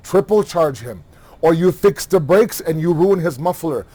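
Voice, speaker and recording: A man giving a religious lecture, animated, asking rhetorical questions and acting out everyday dialogue. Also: on the high side, measured pace. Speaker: Muharram lecturer.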